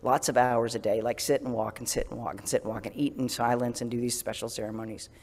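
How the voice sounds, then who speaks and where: A man giving a casual sermon as a Zen priest, self-deprecating and laughing often, dropping to a soft whisper for gentle self-talk. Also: medium pitch, flat delivery, fast, creaky, long reverb tail.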